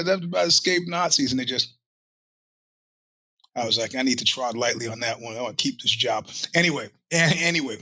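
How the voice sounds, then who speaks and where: Husky, animated male podcast host. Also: medium pitch. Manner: animated, profane, acts out quoted voices. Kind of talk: casual storytelling monologue.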